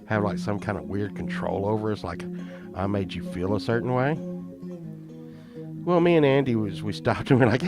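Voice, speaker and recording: Plucked guitar plays behind a man casually telling a story, rambling and swearing and frequently laughing at himself. His voice is mid-range and his pace moderate.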